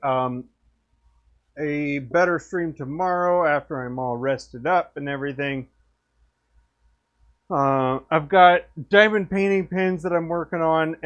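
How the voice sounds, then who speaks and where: Slow-talking tipsy man with hiccups. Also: a little high, highs cut off. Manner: rambling, friendly, slurs thoughts. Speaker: pen turner streaming from his workshop. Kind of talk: casual live-stream sign-off chat.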